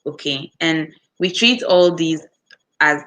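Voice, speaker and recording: A woman with a Ghanaian accent chatting casually as she answers viewer comments, telling animated stories about customers and acting out their voices. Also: low voice. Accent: Ghanaian English. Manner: animated storytelling, acts out customers with quick voice switches and laughter. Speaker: customer service worker, vlogger.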